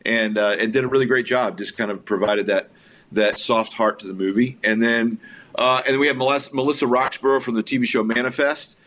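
A man's voice: mid-range voice, fairly quick. A man in the middle of the male range tells behind-the-scenes stories as a guest, in a loose and chatty way. He scatters fillers and restarts, and he slips into other people's voices for quotes. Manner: animated anecdotes with quoted voices, frequent fillers. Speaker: filmmaker guest. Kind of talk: casual interview storytelling.

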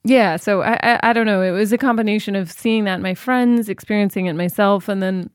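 Woman, 30s, interview guest, reflective, restarts sentences, mid pitch, dry sound. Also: brisk, clear, resonant tone, dry recording. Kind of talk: casual interview chat.

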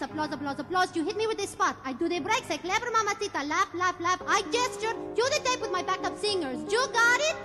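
A very high, quick, clipped voice belongs to a no-nonsense teenage pageant contestant in a stage musical. She rattles through her cues with total control. It is caught on a live theater soundboard recording, with clear music under her and a long hall reverb. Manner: rapid, crisp instructions. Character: brisk, businesslike teenage girl pageant contestant.

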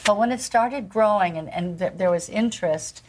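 Woman host telling a story haltingly. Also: mid-range voice, slight background noise. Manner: halting storyteller, many restarts. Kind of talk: casual chat over lunch. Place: restaurant.

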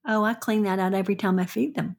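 Older Southern woman, husky voice. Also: mid-range voice, fairly even intonation, quick pace, a little mellow. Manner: chatty, giving household tips. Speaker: podcast co-host, the host's mother. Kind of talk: casual chat.

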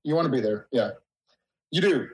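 A middle-aged man in casual conversation, telling a story in a halting, emotional way with many fillers. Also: mid-range voice, lively intonation, rough recording. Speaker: guest.

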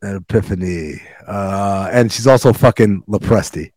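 A man co-hosting a casual podcast, recapping a television show in animated, profanity-heavy chat. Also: normal speed, no room sound. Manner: animated, swearing, jumps into high voices for quotes. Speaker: podcast co-host.

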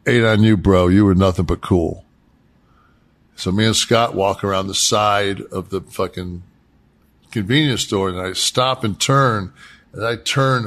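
A man's voice: lowish voice, vocal fry, a bit bright. A man telling rambling, profane stories from the road in casual podcast chat, with lots of restarts. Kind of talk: casual storytelling.

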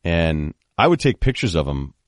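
Animated podcast host with lively pitch. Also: male voice, moderate pace, no room sound, clean studio sound. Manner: animated storyteller, acts out quoted people. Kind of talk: casual sports podcast chat.

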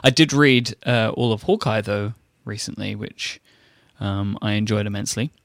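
A British man in casual conversation, talking haltingly with dry understatement. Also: lowish voice, fairly even intonation, vocal fry, fairly bright tone, no echo. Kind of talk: casual chat.

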